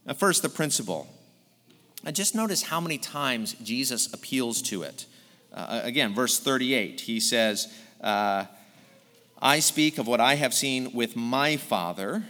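A man's voice: medium pitch, expressive, unhurried, sharp tone. A male pastor preaching an earnest sermon, explaining a text verse by verse. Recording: long hall reverb.

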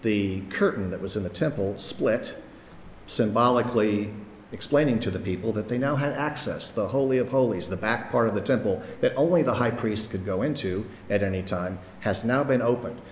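A man's voice: on the low side, normal speed, slight background noise. Man preaching in an echoey hall. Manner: earnest, conversational preaching with restarts. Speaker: pastor. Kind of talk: sermon. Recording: echoey hall, faint ambience.

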